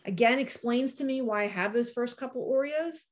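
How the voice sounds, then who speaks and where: A woman with a somewhat high voice shares her personal experience with a group. She tells it like a story, full of lively emphasis, and her voice jumps up when she stresses a point. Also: fairly quick, slight background noise. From New Jersey. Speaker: speaker at a recovery meeting.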